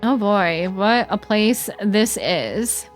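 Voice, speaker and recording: A young woman chatting casually while streaming a game, animated and giggly, with lots of "like" fillers. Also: mid-range voice, slow pace, soft background music.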